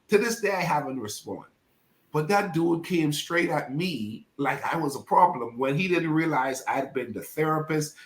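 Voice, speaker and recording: A man who is a pastor, telling a painful personal story as a podcast guest in an animated, preacher-like way. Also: medium pitch, reverberant. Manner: animated, preacher-like, acts out quoted voices.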